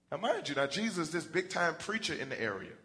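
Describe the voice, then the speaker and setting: Animated preacher man with a bright voice. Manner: animated, acts out Bible characters with rising pitch and volume. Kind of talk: sermon.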